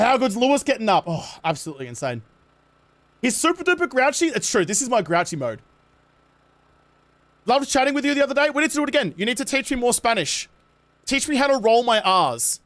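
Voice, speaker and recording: A young Australian man chats through a gaming stream in a high voice. He sounds worn out and tired, but keeps up a jokey, self-mocking patter. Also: a bit bright. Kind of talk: casual live-stream chat.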